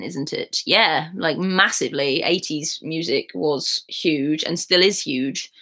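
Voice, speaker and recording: A low-pitched, fairly bright voice belongs to a young woman from England streaming live from her bed at home. As a YouTuber, she reads out and answers chat questions in a casual way, with easy laughs.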